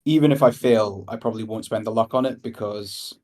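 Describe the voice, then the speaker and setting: A man at a tabletop game, talking through his plans out loud. His voice sits fairly low and stays casual and easygoing throughout. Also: a little fast. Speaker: player.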